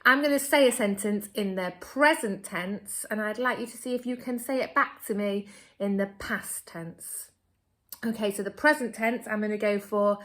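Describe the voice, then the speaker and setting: An English woman teaching a remote phonics lesson to young children, upbeat and slow, stretching key words. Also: mid-range voice, a bit bright. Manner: upbeat, slow and exaggerated for children, my turn your turn. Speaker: primary school teacher.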